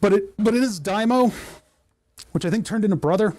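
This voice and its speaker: Fast and expressive, a man's high, darkish voice comes through a desk microphone with no echo. He's chatting casually on a livestream from his home workshop, rambling and talking to himself as he clicks through menus.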